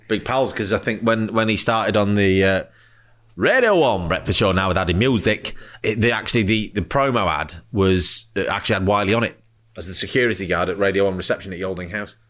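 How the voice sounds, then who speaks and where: Guy riffing on a comedy podcast, lowish voice, keeps laughing. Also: a little fast, fairly bright tone. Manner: joking, riffing, laughs often. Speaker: podcast co-host. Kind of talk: comedic casual chat.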